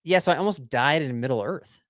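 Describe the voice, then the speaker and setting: A man's voice: on the high side, expressive, a little fast, fairly bright tone, no echo, studio quality. Playful man hosting a podcast. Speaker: podcast host. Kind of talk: casual podcast chat.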